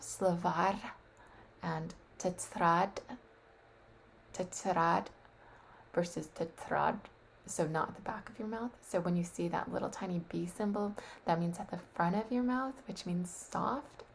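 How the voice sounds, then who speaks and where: A woman on a webcam practicing vocabulary aloud, tentative and thinking out loud as she sounds out words. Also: on the low side, a little slow, a little hiss or hum. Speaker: language learner practicing vocabulary. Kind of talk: casual solo practice on webcam. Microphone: webcam microphone.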